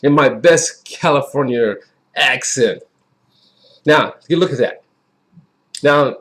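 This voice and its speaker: A man's voice: mid-range voice, fairly bright tone. A man giving a casual, chatty wine review in a folksy way that often repeats itself. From Wisconsin.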